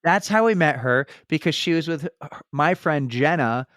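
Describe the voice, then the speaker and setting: A man's voice: on the high side, expressive, moderate pace, a bit bright, dry recording, clean studio sound. A man hosting a podcast, chatting casually and enthusiastically with his guest. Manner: enthusiastic, friendly questioning. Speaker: podcast host. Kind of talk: casual chat.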